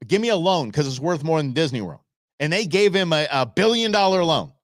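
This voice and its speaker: A man's voice: a little high, very animated, fast, dry recording, studio quality. A man hosting a live political commentary show, talking casually and sarcastically and slipping into mocking impressions. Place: small home studio. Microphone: studio microphone.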